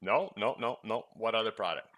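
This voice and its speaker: A man's voice: on the low side, a little fast, fairly bright tone. A man who presents health products and once ran a clinic, chatting in a rambling way and teasing his co-host with quiz questions. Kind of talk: casual chat about supplements.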